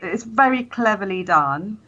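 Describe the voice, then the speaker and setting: A chatty woman gives her thoughts in a casual review chat and pauses often to find her words. The sound is dull and muffled. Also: mid-range voice, expressive, bright, forceful tone. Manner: chatty, hesitant with fillers.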